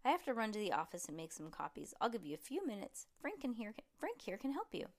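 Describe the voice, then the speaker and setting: A cheerful, upbeat male music teacher who encourages the kids, voiced by a woman. He sounds bright and friendly in this storybook reading. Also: medium pitch, very animated, fast. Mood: encouraging.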